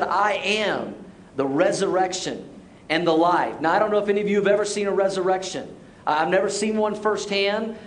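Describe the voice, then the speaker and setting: A middle-aged man preaching a sermon, telling stories with restarts and dropping soft and low for serious points. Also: slight background noise. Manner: storytelling, repeats words as he restarts. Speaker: pastor.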